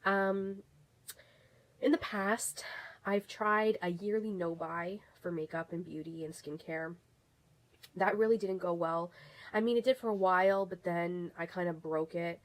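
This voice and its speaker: A woman's voice: fairly low pitch, normal speed, rough recording. A young adult woman beauty vlogger chatting casually to camera, rambling with restarts and fillers. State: has the hiccups.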